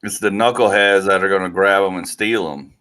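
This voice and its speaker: Male co-host, low bright voice, easygoing chat with a steady stream of short affirmations. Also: brisk. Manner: supportive listener, short backchannels. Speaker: podcast co-host. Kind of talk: casual chat.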